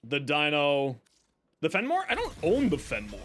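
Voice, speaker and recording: Lively, rambling gaming streamer man. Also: fairly high pitch, a little fast, slight background noise. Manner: rambling, self-mocking, talks to chat. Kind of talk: casual gaming livestream chatter.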